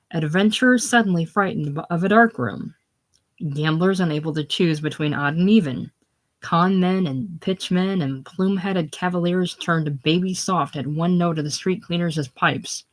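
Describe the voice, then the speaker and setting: A woman's voice: fairly low pitch, measured pace, close to an everyday voice. A woman reading the lines of a pompous older male hotel proprietor, with grand, declaiming delivery. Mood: grandiose.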